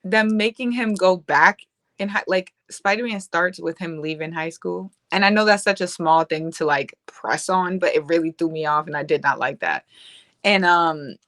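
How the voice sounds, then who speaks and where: Bright, slangy young woman chatting. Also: fairly low pitch, moderate pace. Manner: slangy, animated, laughs often. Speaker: guest. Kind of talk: casual chat.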